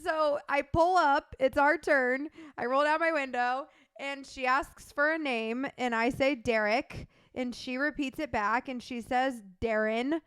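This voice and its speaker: A young woman co-hosting a podcast, chatting casually as an animated storyteller who laughs often. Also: sits high, measured pace, hardly any pauses, no room sound. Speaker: podcast co-host. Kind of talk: casual chat.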